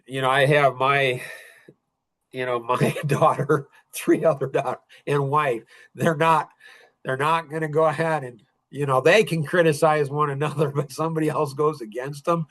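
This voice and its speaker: Middle-aged male podcast host, casual storyteller, slightly high and very animated pitch, chuckles often.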